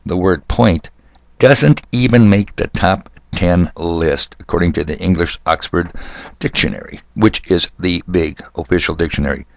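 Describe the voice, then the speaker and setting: A man's voice: low-pitched, measured pace, vocal fry, no echo. An older man hosting a solo podcast, talking in a sardonic, ranting way. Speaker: podcast host. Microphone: corded mic.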